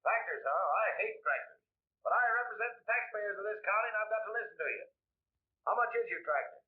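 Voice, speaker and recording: An actor playing a gruff, irritable older county road commissioner who is hard of hearing, in 1930s film acting on a tinny old soundtrack. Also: male voice, sits high, expressive, fast talker. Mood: grumpy.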